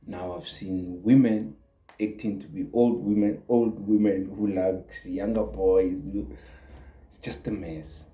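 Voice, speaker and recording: A man's voice: low voice, fairly even intonation, slow, warm tone. A man, a YouTube creator, giving an earnest motivational talk and repeating words for emphasis. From South Africa. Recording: echoey room.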